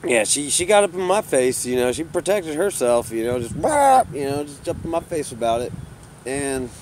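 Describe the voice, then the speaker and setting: A man rambling in a casual vlog, swearing freely and saying "you know" constantly, and getting loud and heated when he tells a story. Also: medium pitch, normal speed, a little hiss or hum. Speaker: vlogger. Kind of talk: rambling casual monologue to camera.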